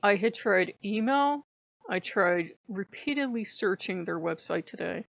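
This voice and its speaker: A fed-up woman rants straight into the camera in a casual vlog, cursing freely. Her mid-pitched voice carries a gravelly fry. The sound is dry and slightly dull, like a lo-fi home recording. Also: expressive, measured pace, fairly bright tone, dry recording. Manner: profane, exasperated venting. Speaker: vlogger.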